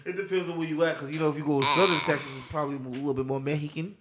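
A man co-hosting a podcast, tossing out jokes and quick asides in casual chat. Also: on the high side, fairly even intonation, roomy sound, background noise. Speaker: podcast co-host.

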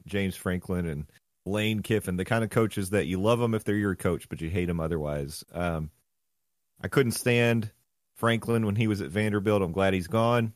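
Deep-voiced man on a dry mic. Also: no room sound. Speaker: podcast co-host. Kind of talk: casual sports chat.

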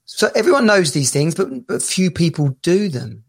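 A man's voice: a little high, very animated, moderate pace, creaky, breathy edge. A man hosting a podcast, asking questions in a conversational, hesitant way with many fillers. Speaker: podcast host. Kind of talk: casual interview.

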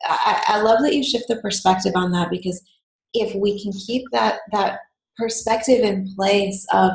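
A woman's voice: mid-range voice, steady tone, normal speed, vocal fry. Reflective woman host in an echoey room. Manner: supportive listener, reflective. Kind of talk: candid podcast conversation.

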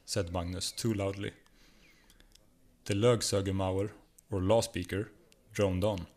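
A man with a Swedish accent, a guest reader narrating a comic short story with a steady reading. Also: sits low, a little slow.

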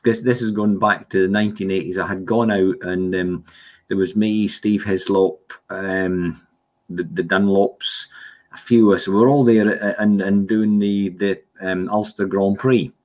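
A man's voice: low voice, steady tone, a little slow, darkish tone. A man in his sixties, a guest telling stories in a rambling, casual way with lots of fillers. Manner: rambling, with many fillers and restarts. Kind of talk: casual storytelling. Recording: dull lo-fi sound.

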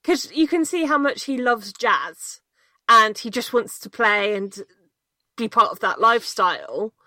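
A woman co-hosting a podcast, chatting about a film in a relaxed, thoughtful way, explaining at length. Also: fairly high pitch, measured pace, dry recording. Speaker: podcast co-host. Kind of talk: casual film discussion.

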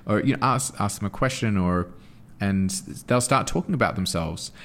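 A man's voice: lowish voice, normal speed. A young man being interviewed as a guest, talking animatedly about his anti-bullying school show, often restarting his sentences. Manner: animated storytelling with frequent restarts. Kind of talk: interview answer.

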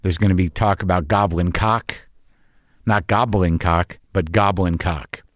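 A man's voice: deep voice, steady tone, measured pace, no echo, clean studio sound. An older man hosting a podcast, riffing in a neurotic, rambling, profane comedic monologue. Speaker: podcast host. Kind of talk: comedic monologue and casual conversation.

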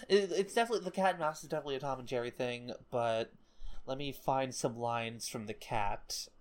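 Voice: medium pitch, brisk. Swearing, chatty podcast co-host. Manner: swears casually, explains references. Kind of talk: casual book club chat.

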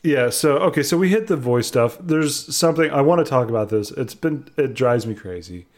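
A man's voice: medium pitch, lively intonation, normal speed. A man in casual conversation, co-hosting a chat about a game. He rambles and sounds exasperated, with the odd laugh breaking through. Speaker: podcast co-host.

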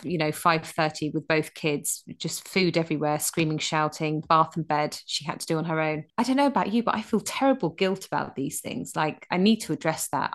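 Woman co-host, lowish voice, chatty, animated, restarts a lot. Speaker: radio co-host. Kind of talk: casual chat and film review.

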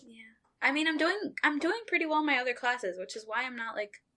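Young woman co-host, candid venting with laughs, bright high-ish voice, close mic. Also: lively intonation, brisk. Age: young adult. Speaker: podcast co-host. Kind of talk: casual chat.

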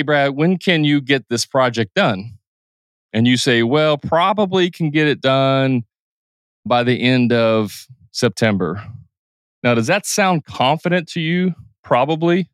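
Man talking loosely on a podcast, dry sound. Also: no room sound. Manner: shifts pace and pitch to illustrate, with quick impressions. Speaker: podcast host. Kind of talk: casual solo podcast talk.

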